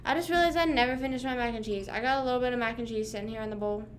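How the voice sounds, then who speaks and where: A woman's voice: on the high side, very fast, slight background noise. A young woman in her twenties chatting casually with viewers on a livestream from home, slangy and rambling with lots of "like" and "bruh". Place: home room.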